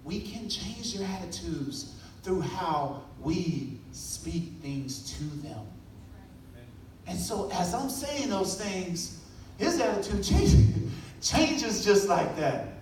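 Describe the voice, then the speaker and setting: A man giving a motivational talk, telling a story with lively delivery and acting out the people in it. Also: high voice, takes it slowly, very echoey, distant mic, slight background noise, rough recording. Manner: animated storytelling, acting out voices. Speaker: motivational speaker.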